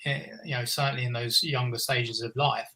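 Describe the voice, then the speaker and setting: Male interview guest, bright timbre, earnest, looping reflective talk with frequent restarts. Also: mid-range voice, fairly even intonation, fairly quick, rough recording. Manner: earnest, meandering, many restarts. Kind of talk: reflective conversation.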